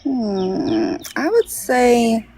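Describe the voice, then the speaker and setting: A woman's voice: fairly high pitch, wildly swooping pitch, very slow, gravelly, mellow, a little hiss or hum. A young woman talking casually on a podcast, hesitant, with many fillers and restarts. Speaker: podcast guest. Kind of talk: casual conversation.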